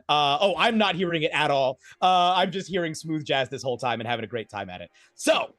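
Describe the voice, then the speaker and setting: A man's voice: a little high, brisk, few pauses, dry recording, faint music behind. A man narrating as game master of a streamed tabletop game, rambling and correcting himself as he goes. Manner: animated, rambling, self-correcting.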